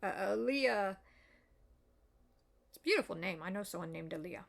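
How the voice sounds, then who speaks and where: Gravelly-voiced woman rambling through history. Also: medium pitch, expressive, normal speed. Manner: rambling, frequent ums and uhs, apologetic asides. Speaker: video essayist. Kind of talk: casual history explainer.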